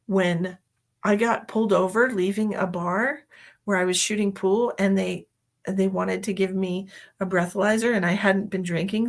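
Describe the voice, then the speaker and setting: A woman hosting a live psychic reading stream, chatting casually in an excitable way, with laughs and whispered asides. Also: mid-range voice. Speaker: psychic medium host. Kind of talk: casual livestream chat.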